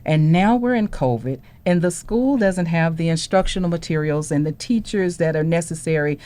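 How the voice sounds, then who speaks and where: On a discussion panel, a woman from Houston, Texas shares a personal story about being a parent, acting out the dialogue and voicing the people involved with animated energy. Her voice is lowish and moves at a normal speed.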